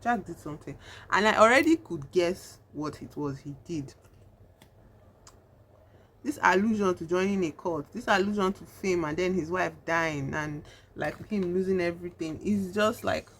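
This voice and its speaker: A woman vlogger reviews a horror film while doing her makeup, chatting casually and rambling, leaning heavily on fillers like "like" and "you know." Her voice is fairly low, a bit bright, at normal speed. There's slight background noise.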